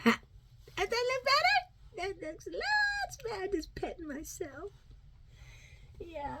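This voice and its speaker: A middle-aged woman rambles through a casual vlog. Her voice sits a little high and leaps up and down with lively swings. She drifts between topics and slips into cooing baby talk for her dog. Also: a little slow, noisy background. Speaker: vlogger. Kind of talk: casual chat.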